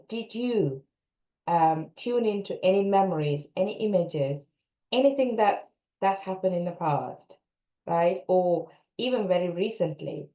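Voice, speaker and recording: A woman coach guiding listeners through an EFT tapping session, calmly instructing them and repeating tapping phrases. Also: medium pitch. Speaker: co-parenting coach. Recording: roomy, dull lo-fi sound.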